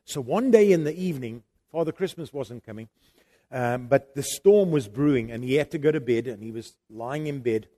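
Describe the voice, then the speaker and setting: A middle-aged man preaching, telling a family story in an animated way that swings from loud emphasis to quiet, intimate moments. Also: mid-range voice, moderate pace. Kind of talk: sermon storytelling.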